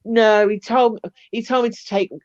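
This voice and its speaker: A woman's voice: a little high, normal speed. Chatty woman telling a story. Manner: chatty, animated anecdote with acted-out quotes. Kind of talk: casual storytelling. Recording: dull lo-fi stream audio.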